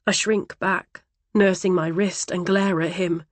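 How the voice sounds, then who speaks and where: A woman's voice: on the low side, steady tone, unhurried, no room sound. Woman narrating a tense first-person thriller. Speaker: audiobook narrator.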